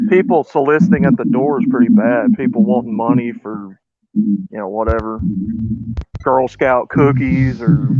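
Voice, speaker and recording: A man of middle pitch talks in a relaxed, matter-of-fact way during casual conversation. His voice comes through dull and lo-fi. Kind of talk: casual chat. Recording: dull lo-fi audio.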